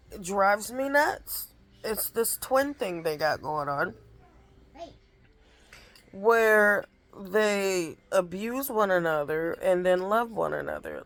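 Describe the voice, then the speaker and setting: A woman's voice: mid-range voice, gravelly. A woman chatting casually into her phone camera at home, rambling through stories about the toddlers in her care, with lots of restarts. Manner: rambling storytelling with many restarts. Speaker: aunt caring for young children. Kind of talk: casual rambling vlog chat.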